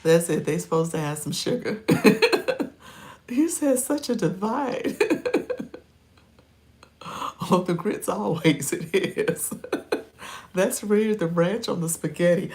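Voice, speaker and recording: A woman's voice: on the low side, lively intonation, measured pace, pauses often. A middle-aged woman hosting a livestream, chatting playfully with viewers and laughing often between remarks. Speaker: livestream host and coach. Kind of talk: casual livestream chat, reacting to viewer comments.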